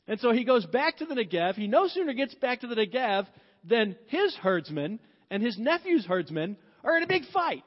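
A man preaching a sermon as pastor, storytelling in a chatty way, laughing often and softening when reflective. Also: extremely high pitch, very animated, normal speed. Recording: dull sound with long hall reverb.

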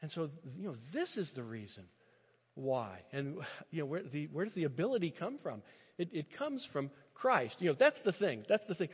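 A man preaching a sermon in an impassioned, animated way, often restarting his phrases. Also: a little high, moderate pace, slightly rough. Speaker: pastor. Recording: muffled sound with long reverb.

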